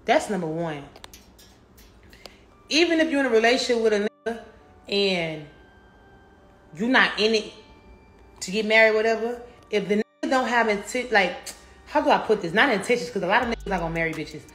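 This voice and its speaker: A woman's voice: medium pitch, a little fast, a bit bright, soft background music. A young adult woman rapper talking casually in an interview, brash, boastful and full of profanity. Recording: roomy echo.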